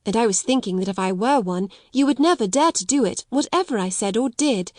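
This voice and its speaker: A woman's voice: a little high, expressive, a little fast, darkish tone, no room sound, studio quality, lightly acted. A woman reading aloud and voicing a proud, composed young schoolgirl who speaks grandly and politely. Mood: grandly defiant.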